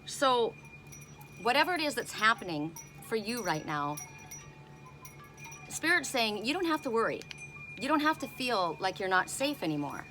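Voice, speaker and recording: A woman's voice: a little high, big pitch swings, moderate pace, long pauses, over music. A middle-aged woman doing an oracle card reading outdoors, blunt and indignant in her asides. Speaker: tarot and oracle card reader.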